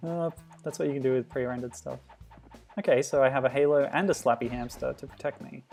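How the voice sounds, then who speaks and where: A man streaming a game, chatting in a relaxed, amused way and answering chat comments. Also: medium pitch, brisk, gravelly, soft background music. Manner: chatty, amused, laughs often, reacts to the game. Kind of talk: casual gameplay commentary.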